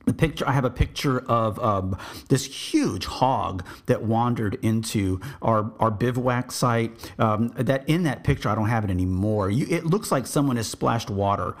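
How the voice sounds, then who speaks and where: A man's voice: mid-range voice, normal speed, hardly any pauses. A man from Texas, an army veteran hosting a podcast, telling his service memories in a reflective, meandering way with frequent restarts. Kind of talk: storytelling memoir.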